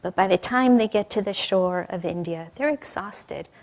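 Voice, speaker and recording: A woman's voice: medium pitch, normal speed. A woman giving a sermon, telling stories in a conversational way with light laughter and questions to the audience. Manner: warm storytelling with light laughter. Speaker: spiritual teacher. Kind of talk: sermon with storytelling.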